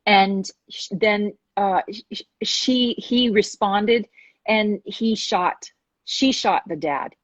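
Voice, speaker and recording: A woman hosting a talk show, telling a story with lively acted-out quotes. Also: mid-range voice, slow pace, no room sound, lo-fi sound. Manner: animated storyteller acting out quoted voices. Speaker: host.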